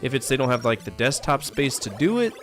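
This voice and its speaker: This live gameplay commentary comes from a man in his thirties who jokes, grumbles sarcastically and engages with viewers. His mid-range voice moves through big pitch swings at a slightly fast clip, over faint game music.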